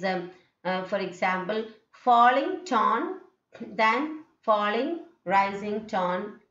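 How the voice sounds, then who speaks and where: A woman's voice: mid-range voice, fairly bright tone. A woman teacher explaining English intonation in a lesson, often saying "okay" and reading out examples. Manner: explanatory, frequent "okay" fillers, reads examples aloud. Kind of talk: lecture on intonation. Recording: echoey room, dull lo-fi sound.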